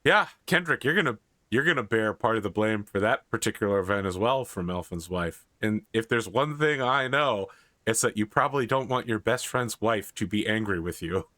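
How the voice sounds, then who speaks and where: Casting: game master, man, low voice, relaxed joking narration, dry close sound. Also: moderate pace, no echo.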